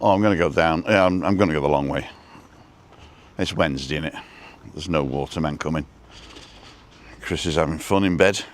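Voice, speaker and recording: With a rumbling low voice, a man speaks fairly quickly and pauses often as he drives and films a casual live-stream chat inside his car. He reads out viewer comments with dry humor over slight background noise.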